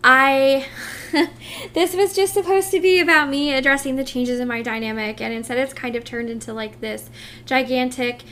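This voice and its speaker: A woman's voice: high-pitched, steady tone, moderate pace, a bit bright. A woman talking in a casual confessional vlog, heartfelt and rambling with many fillers and restarts, emotional and close to tears. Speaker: vlogger.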